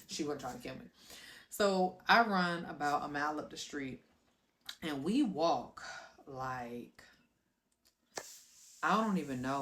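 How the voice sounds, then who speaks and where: A woman from South Florida telling her own life story, animated and direct with viewers, acting out scenes with sound effects. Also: low voice. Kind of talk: personal storytelling to camera.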